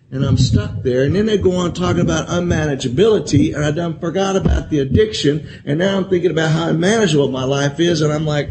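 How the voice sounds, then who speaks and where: A man's voice: a little high, moderate pace, background noise. Profane, candid man sharing to a crowd. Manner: candid and profane, addresses the crowd directly, repeats phrases. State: emotional at times. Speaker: speaker at a recovery convention. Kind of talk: personal recovery share to an audience.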